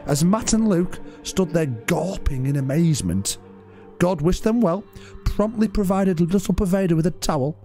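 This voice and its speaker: A man's voice: sits high, lively intonation, moderate pace, dark tone, faint music behind. A man, co-hosting a podcast and reading out an absurd comic story in a mock-solemn voice, breaking into laughs now and then. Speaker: podcast co-host.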